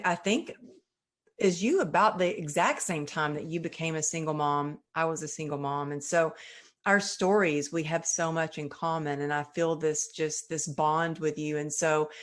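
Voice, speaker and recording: A woman hosts a podcast in relaxed, chatty conversation with a guest. She talks in an effusive, heartfelt way, her voice sitting a little low. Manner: warm, effusive and emotional. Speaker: podcast host. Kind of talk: casual interview chat.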